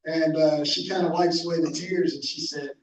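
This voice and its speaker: A man working as a camp director, telling a story at a club meeting with halting restarts, heard from a distance in an echoey room. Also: a little high, steady tone, crowd noise. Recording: echoey hall, distant mic, faint noise.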